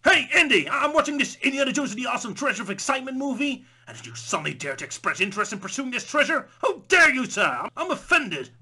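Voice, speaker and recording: A man's voice: extremely high pitch, sing-song, fast, few pauses, sharp tone, slightly rough, voice pushed up, full character voice. A man voicing a whiny, offended male moviegoer in a comedic rant. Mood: indignant.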